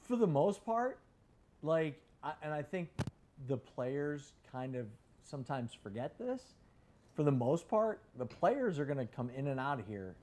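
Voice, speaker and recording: A man's voice: a little high, big pitch swings, unhurried, a little mellow, a little hiss or hum. A man, a sports media guest on a podcast, jumping into a casual chat to make an emphatic point. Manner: emphatic, jumps in to add a point.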